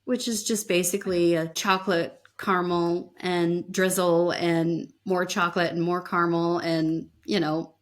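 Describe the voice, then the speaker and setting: A woman's voice: fairly low pitch, little pitch movement, measured pace, few pauses. A woman co-hosting a podcast, telling everyday stories in a chatty, teasing way. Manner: chatty anecdote teller, teasing. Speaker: podcast co-host. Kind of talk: casual chat.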